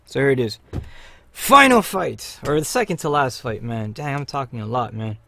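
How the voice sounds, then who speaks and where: A man hosting a live gameplay stream, chatting in slang and cheering on his teammates with loud bursts of excitement. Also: medium pitch, fast talker. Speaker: livestream host. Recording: faint game music behind.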